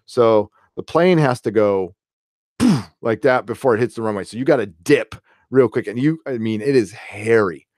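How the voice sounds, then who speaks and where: Middle-aged male stream host, mid-pitched, chatty and profane, dry close-mic sound. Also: lively intonation, normal speed, a little mellow, dry recording. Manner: rambling, profane, laughs at own stories. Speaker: host reading live chat. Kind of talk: casual live-stream chat.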